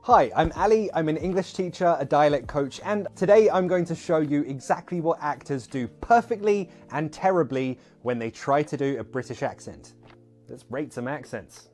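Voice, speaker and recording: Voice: medium pitch, normal speed, a little mellow. Dialect coach doing a youtube video, upbeat and explaining, light music behind. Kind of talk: online video presentation.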